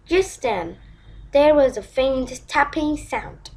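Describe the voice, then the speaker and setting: A woman reading a children's storybook aloud in a slow, expressive way. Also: high-pitched, vocal fry, rough recording.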